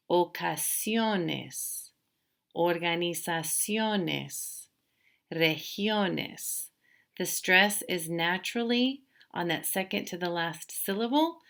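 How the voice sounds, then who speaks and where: A woman with a somewhat low voice teaches a vocabulary lesson. She explains patiently, step by step, checking in with her learners. She slows right down and stretches out each example word. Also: gravelly, fairly bright tone. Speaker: Spanish teacher.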